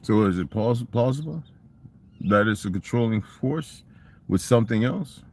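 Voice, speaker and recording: Older guy, low voice, rambling profane stories, lots of rhetorical questions. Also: expressive, normal speed, darkish tone, a little hiss or hum. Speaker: vlogger. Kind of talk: rambling storytelling monologue.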